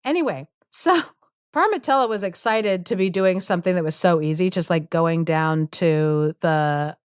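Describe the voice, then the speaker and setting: A woman's voice: lowish voice, moderate pace, clean tone, no room sound, clean studio sound. A woman podcast co-host casually retelling a fairy tale, full of "like" and sarcastic asides, acting out the characters' lines. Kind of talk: casual storytelling chat.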